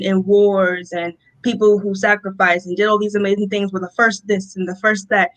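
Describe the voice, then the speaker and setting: A young woman with a bright, forceful voice shares her personal testimony in an interview. She tells the story in a lively way and acts out what people said, with frequent laughter. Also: medium pitch, poor audio. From Rochester, New York. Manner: animated storytelling, acts out quotes, laughs often. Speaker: interview guest.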